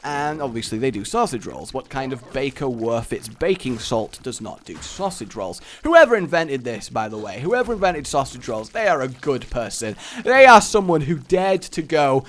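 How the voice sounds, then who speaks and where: A man's voice: medium pitch, very animated, moderate pace, few pauses, fairly bright tone, a little hiss or hum. A young English man hosting a gaming video, telling a rambling, jokey story while he plays. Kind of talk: let's play commentary.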